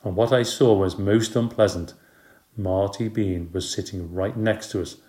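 A man reads a children's storybook aloud in a low voice. His reading is steady and expressive. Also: measured pace. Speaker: audiobook narrator. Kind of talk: storybook narration.

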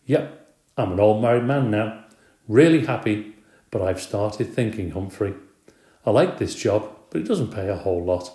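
A man's voice: on the low side, expressive, moderate pace, dark tone, reverberant, lightly acted. A man voicing a friendly, cheerful school caretaker, talking in a hearty, casual way.

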